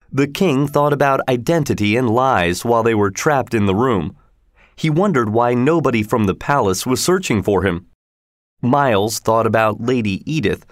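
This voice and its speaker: A man narrating a story in a steady, measured reading. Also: fairly low pitch, dry recording, clean studio sound.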